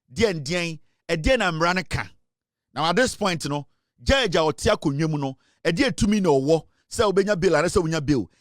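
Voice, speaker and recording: A Ghanaian-accented man delivers political commentary with a forceful, emphatic push. His voice sits a little high for a man. The sound is dry and close, with no room behind it. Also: no room sound. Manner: forceful, emphatic, mixes English and Twi.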